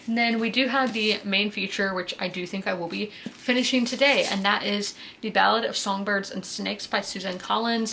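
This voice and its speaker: Young woman, book vlogger, casual chat, gravelly vocal fry, faint background hiss. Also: medium pitch, sharp tone. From South Carolina. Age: 20s. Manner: chatty, frequent fillers like "you know" and "um".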